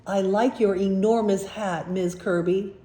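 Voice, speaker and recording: Nervous, eager schoolboy, voiced by a woman reading; mellow, unhurried. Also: medium pitch, fairly even intonation, natural voice. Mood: polite. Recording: roomy echo.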